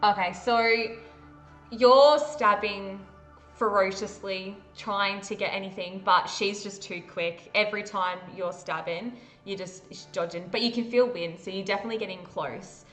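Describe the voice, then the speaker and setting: An Australian woman acts as game master for a tabletop horror game, painting the scene vividly while often pausing with fillers. Her voice is medium in pitch and fairly bright, with soft music in the background.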